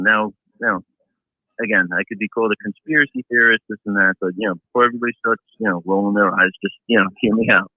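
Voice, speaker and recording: A man's voice: lowish voice, no room sound. A man calling in to a sports podcast, chatty and hedging as he builds his point. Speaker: caller. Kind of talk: call-in sports talk. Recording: tinny phone line.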